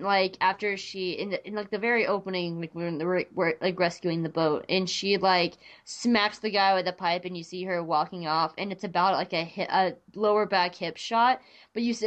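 A woman hosting a podcast in casual chat, talking in an animated, rambling way with frequent restarts. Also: mid-range voice, normal speed. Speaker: podcast host.

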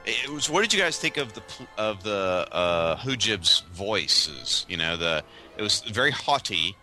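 A man co-hosting a casual podcast chat, hesitant and thoughtful, with many pauses and ums. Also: lowish voice, very animated, bright, forceful tone, faint music behind. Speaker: podcast co-host.

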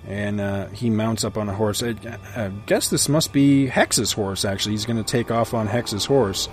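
Lowish-voiced man recapping a comic. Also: moderate pace, few pauses, a little hiss or hum. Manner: relaxed storytelling with asides. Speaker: comic book reviewer. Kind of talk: casual comic book recap.

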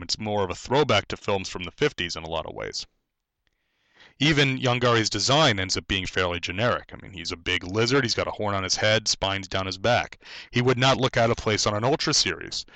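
A man's voice: on the low side, pushed and bright, dry recording. A man hosting a podcast, casually recapping and reviewing an old giant monster film, chatty and digressive with frequent fillers and restarts. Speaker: podcast host.

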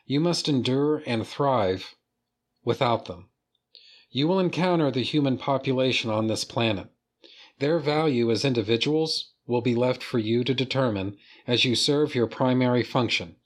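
A stern female alien overseer hands out orders in a measured, formal cadence, as a man reads her lines aloud from a comic. The voice sits at an ordinary middle pitch, calm and deliberate. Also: natural voice. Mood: solemn.

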